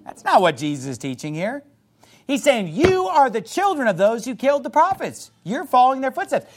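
Male pastor, emphatic sermon delivery, high voice with wide swings; reads scripture in old-fashioned wording. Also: big pitch swings, brisk, background noise. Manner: fiery, emphatic preaching.

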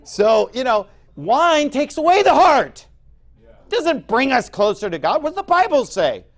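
High-voiced, animated man preaching a sermon. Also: measured pace. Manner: emphatic, conversational preaching with sudden loud bursts. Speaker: pastor.

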